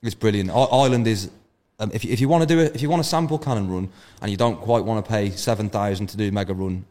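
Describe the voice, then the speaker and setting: A man's voice: on the low side, fast talker, darkish tone. A man telling brash, sweary road-trip stories as a podcast guest. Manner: brash storytelling, heavy swearing. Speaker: podcast guest, event organiser. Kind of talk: casual podcast chat.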